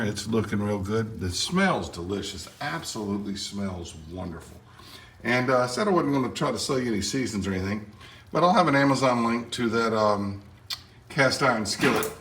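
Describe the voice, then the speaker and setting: A man's voice: mid-range voice, fairly bright tone, a little hiss or hum. A middle-aged man hosting a casual home cooking vlog, talking in a folksy, rambling way with many fillers. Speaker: home cooking channel host. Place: home patio and kitchen.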